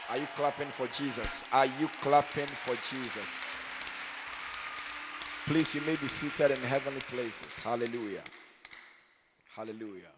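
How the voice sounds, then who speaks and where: A man's voice: medium pitch, a little slow, pauses often, a bit bright, faint music behind. A man, a preacher who leads prayer and then teases his congregation in call-and-response. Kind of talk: sermon with opening prayer. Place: church hall. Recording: long church hall reverb.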